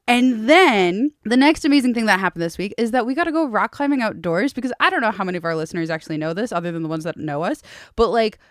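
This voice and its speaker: A young woman co-hosting a podcast in casual chat, bubbly and a little hoarse, swearing freely and laughing often. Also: medium pitch, animated, fast talker, dry recording, clean studio sound. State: slightly hoarse. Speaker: podcast co-host.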